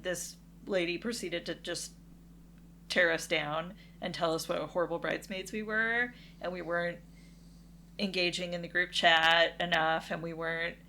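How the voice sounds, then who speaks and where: A woman's voice: fairly low pitch, fairly even intonation, normal speed, pushed and bright, a little hiss or hum. A woman co-hosting a podcast, telling a story in a chatty, wry way with fillers. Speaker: podcast co-host. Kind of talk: casual storytelling.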